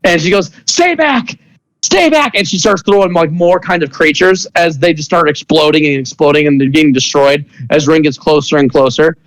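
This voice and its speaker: Fairly high-voiced man narrating as game master. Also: steady tone, no room sound, rough recording. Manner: rambling, halting narration with many restarts and fillers.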